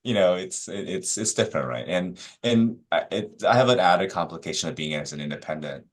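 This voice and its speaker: A man, a real estate broker guest on a podcast, telling stories casually with lots of fillers and acting out the people he quotes. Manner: animated, acts out quoted agents with rising pitch; many fillers, quick asides.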